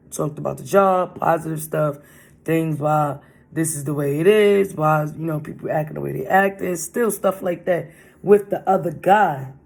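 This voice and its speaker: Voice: medium pitch, vocal fry. A casual storytime vlog told in a loose, rambling voice. The speaker circles back and repeats lines, leaning on slangy street talk. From Brooklyn, New York. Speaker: vlogger.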